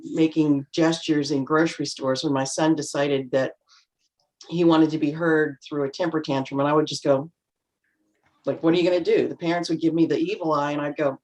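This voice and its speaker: A woman's voice: deep voice, darkish tone. A middle-aged woman talking on a panel over a video call, chatty and full of anecdotes, acting out little quotes as she goes. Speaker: panel guest. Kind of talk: casual panel talk.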